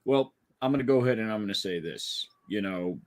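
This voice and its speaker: A man co-hosting a casual podcast, chiming in quickly. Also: lowish voice, animated. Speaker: podcast co-host. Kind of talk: casual chat.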